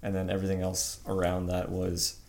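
A man with a fairly low voice talks games in a loose, unhurried way. He pauses and restarts his thoughts mid-sentence and lets the occasional curse slip out. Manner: relaxed, halting, profane. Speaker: podcast co-host. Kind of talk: casual gaming chat.

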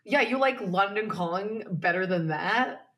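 A woman's voice: mid-range voice, expressive, a little slow, a loud crowd. A woman with an Irish accent co-hosting a podcast, playful and giggly, swearing now and then. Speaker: podcast co-host. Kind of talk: casual chat.

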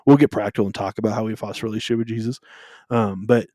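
Man, podcast co-host, rambling casual faith chat, fillers, low voice, dry recording. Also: steady tone, very fast, dark tone, dry recording. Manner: rambling, filler-heavy, self-interrupting.

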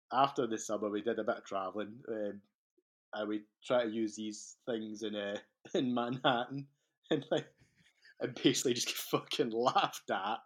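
A man's voice: on the low side, fairly even intonation, normal speed. A man with a Scottish accent, a podcast guest telling long stories in casual chat, swearing freely and laughing as he goes. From Scotland.

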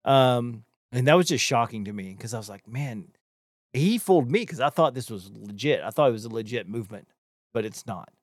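A man's voice: medium pitch, fairly quick, no echo, clean studio sound. A man chatting casually as a podcast co-host, rambling with many fillers and restarts. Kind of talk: casual chat.

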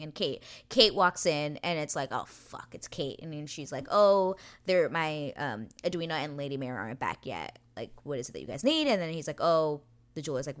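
Low-voiced woman giving a profane, animated recap. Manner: animated, swears freely, paraphrases characters in modern slang. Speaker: TV episode recap host. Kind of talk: casual scene-by-scene recap.

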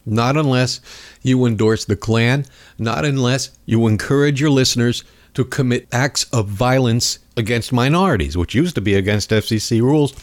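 A talk radio host speaks at a normal speed with a medium-pitched voice into a studio mic. It's a casual political monologue, rambling and sarcastic, full of mocking side comments.

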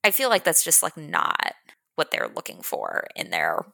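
A woman co-hosting a romance book podcast, casually retelling funny scenes in an animated way. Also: deep voice, normal speed, creaky, no room sound, clean studio sound. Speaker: podcast co-host.

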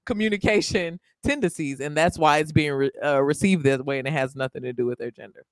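A man's voice: on the high side, a little fast, clear, resonant tone, dry recording, clean studio sound. A man hosting a podcast, chatting casually in a blunt, swearing way and laughing often. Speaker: podcast host. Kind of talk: casual conversation.

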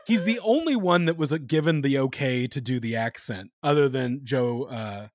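A man co-hosting a podcast in casual chat, animated and joking, cursing freely. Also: medium pitch, normal speed, dry recording, studio quality. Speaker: podcast co-host.

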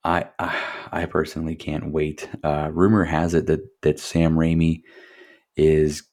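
Male podcast host, very low voice, loose rambling delivery with swearing and little laughs. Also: completely flat delivery, a little slow, a little mellow. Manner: rambling, profane, chuckling asides. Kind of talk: casual solo podcast review.

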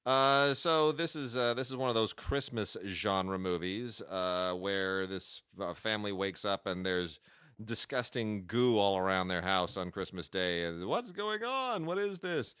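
A man's voice: low voice, unhurried, pushed and bright, clear, resonant tone, no echo. A man co-hosting a podcast, casually reviewing films with wry, dry asides. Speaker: podcast co-host, film reviewer.

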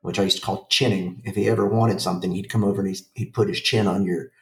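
A man's voice: deep voice, steady tone, fast, echoey room, distant mic. A man in his forties, a podcast co-host, chatting casually in a rambling, profane way with lots of fillers and restarts. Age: 40s. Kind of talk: casual chat.

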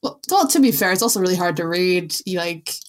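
A woman hosting a casual podcast conversation, chatty and quick to laugh. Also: fairly low pitch, animated. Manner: chatty, laughs often, friendly. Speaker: podcast host.

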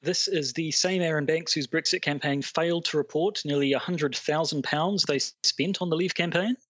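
A man's voice: a little high, normal speed, a bit bright, breathy edge, dry recording, lo-fi sound. A man hosting a podcast in a playful, teasing, rambling way. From Britain. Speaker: podcast host. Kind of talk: casual podcast chat.

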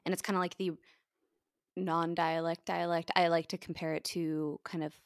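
A woman's voice: lowish voice, flat delivery, normal speed, clear, resonant tone, dry recording. Dry-sounding young American woman, chatty. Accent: General American. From United States. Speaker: podcast co-host. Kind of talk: casual chat.

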